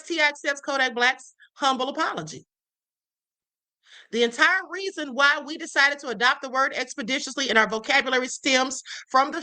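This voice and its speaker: High, pushed and bright, this woman's voice comes through a low-quality recording. As a livestream host, she chats casually and sassily about celebrity gossip, frequently tacking on "okay?" and "honey."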